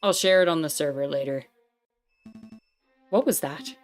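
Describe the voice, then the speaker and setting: Chatty woman streamer, low-ish voice. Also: moderate pace, faint music behind. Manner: chatty, thinks aloud, laughs easily. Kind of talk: casual gameplay commentary.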